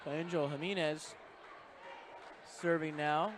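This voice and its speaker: A young man giving brisk, conversational play-by-play commentary of a live volleyball match from inside a college gym. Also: fairly high pitch, steady tone. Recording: noisy gym broadcast audio. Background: gym noise with bouncing balls.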